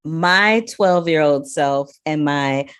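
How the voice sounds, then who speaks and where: A woman with a notably low voice hosts a film podcast interview. She speaks with gushing, heartfelt praise, her emotion close to the surface. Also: slow pace, fairly bright tone, smooth. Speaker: podcast host, film critic.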